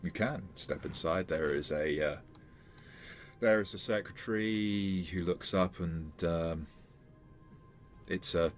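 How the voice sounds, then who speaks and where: Man, game master, very low voice, halting narration, faint background music. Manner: hesitant, many fillers and restarts.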